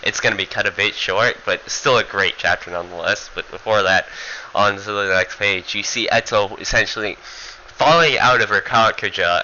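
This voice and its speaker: A man's voice: lowish voice, bright, forceful tone, highs cut off, a little hiss or hum. A man giving a casual, rambling manga review, full of fillers and swearing.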